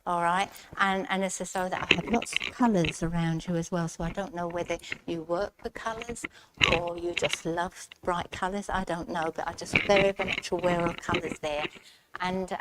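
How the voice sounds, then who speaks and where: Woman medium, loud background noise. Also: fairly low pitch, normal speed. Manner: chatty, speaks straight to the recipient, relays messages. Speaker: spiritualist medium. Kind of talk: mediumship demonstration at a service. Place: village hall.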